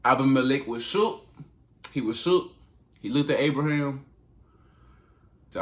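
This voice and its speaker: A man's voice: mid-range voice, measured pace, long pauses. A man retelling a Bible story in casual, slangy speech, talking straight to his audience. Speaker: channel host retelling Bible stories.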